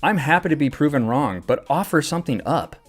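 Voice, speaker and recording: A man with a slightly high, lively voice talks fairly quickly over soft background music. He's hosting a live trading stream, giving casual, filler-heavy market commentary and ranting with plenty of swearing and exasperation.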